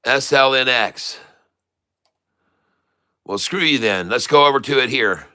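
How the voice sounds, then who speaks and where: Middle-aged guy yelling through live trades, bright and clear, excitable. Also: medium pitch, measured pace, dry recording. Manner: excitable, exclamatory, mild cursing. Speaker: day-trading channel host. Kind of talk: live trading commentary.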